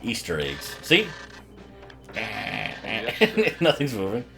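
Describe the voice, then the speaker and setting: A man chats his way through a movie in a loose, rambling commentary, laughing often and swearing freely. His pitch bounces around in a lively, animated way as he sips bourbon between remarks. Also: very slow, faint music behind. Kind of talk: casual watch-along commentary.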